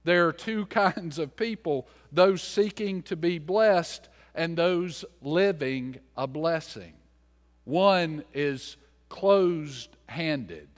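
Brief: unhurried lively preacher in his fifties, folksy storyteller, long hall reverb. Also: on the high side. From US mountains, later Charlotte. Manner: folksy, animated, swings from loud to hushed. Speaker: pastor. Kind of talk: sermon storytelling.

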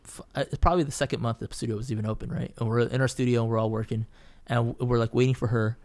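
A man in casual podcast chat, telling a story from his painting days at a mid-range pitch. He rambles along, swears often, and keeps circling back to restart his sentences. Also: fairly even intonation, very fast, darkish tone. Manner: profane, rambling, full of fillers and restarts.

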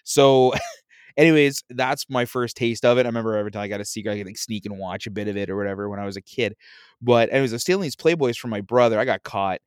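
A man's voice: fairly low pitch, fast, clear, resonant tone, no echo, clean studio sound. A man in his thirties casually telling a long family story, acting out his relatives and laughing often. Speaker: storyteller guest. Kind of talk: casual chat.

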